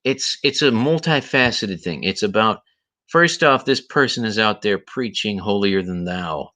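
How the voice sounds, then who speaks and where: A man's voice: lowish voice, expressive, measured pace, bright, forceful tone. A man hosting a livestream, ranting indignantly and repeating himself, with a voice he says is tired. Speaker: livestream host. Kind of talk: heated commentary livestream.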